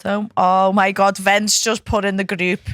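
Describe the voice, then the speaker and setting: A woman's voice: medium pitch, flat delivery, a little slow, a bit bright, no echo, clean studio sound. A woman, a podcast guest, chatting and laughing with plenty of swearing. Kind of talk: casual banter.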